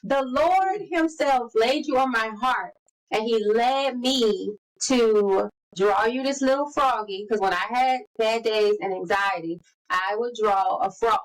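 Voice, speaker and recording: A woman in her forties co-hosting a podcast, telling stories in lively casual chat and acting out the quotes. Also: a little high, a little slow, poor audio. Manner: animated storyteller, acts out quotes. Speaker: podcast co-host.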